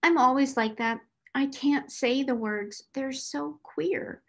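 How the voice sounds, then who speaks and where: A woman's voice: high voice, slow, voice pushed up, full character voice. Ermengarde, a woman doing an awed schoolgirl. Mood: wondering. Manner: breathless, wondering questions. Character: timid slow schoolgirl, admiring and awed.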